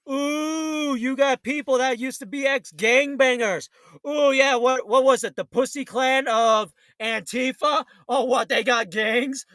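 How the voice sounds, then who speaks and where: A fiery male talk show host who rants bluntly and combatively. His voice sits unusually high and rings bright and forceful. The sound is dry and close, with no room around it. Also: a little slow, dry recording. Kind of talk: political talk show rant.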